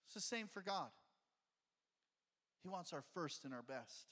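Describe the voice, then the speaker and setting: A man's voice: fairly high pitch, animated, unhurried, a bit bright, in a large hall. A male pastor preaching a conversational sermon and reading scripture aloud, heard in a church sanctuary.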